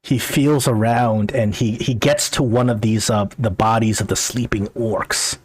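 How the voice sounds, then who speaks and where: A man narrating a tabletop game as game master, halting with frequent restarts. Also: on the low side, fairly even intonation, husky.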